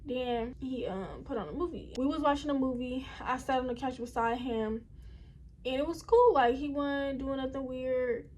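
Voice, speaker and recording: A young woman with a high, light voice tells a personal story in a loose, rambling way. She keeps turning to her viewers as she talks. A faint room hum sits behind her at home. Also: normal speed, darkish tone. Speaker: vlogger. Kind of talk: casual storytime. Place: indoors at home.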